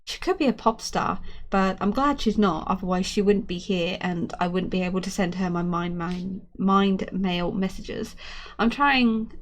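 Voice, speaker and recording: A woman reading a children's novel aloud as a storyteller, earnest and expressive in the first person. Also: medium pitch, a little slow.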